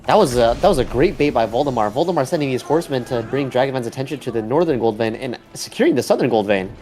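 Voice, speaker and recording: A man's voice: mid-range voice, animated, fast, darkish tone, faint music behind. Man co-casting a strategy game. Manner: casual, keen, filler-heavy. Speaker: co-caster. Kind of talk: live esports commentary.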